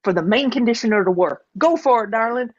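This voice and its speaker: A woman playing a gushing Southern host, high and dry. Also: animated, brisk, no room sound, muffled recording. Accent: American Southern. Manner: theatrical, calls everyone darling, talks of herself in third person. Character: gushing Southern pet-and-beauty advice host. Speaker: improviser. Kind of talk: improvised comedy sketch. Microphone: video call.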